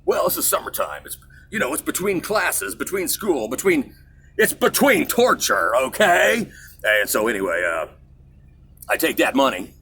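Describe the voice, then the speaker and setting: A man's voice: medium pitch, huge pitch swings, normal speed, sharp tone, husky. A middle-aged man from Kansas hosting his own show, rambling through a story in a digressive, self-mocking way. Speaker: show host. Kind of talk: casual rambling monologue.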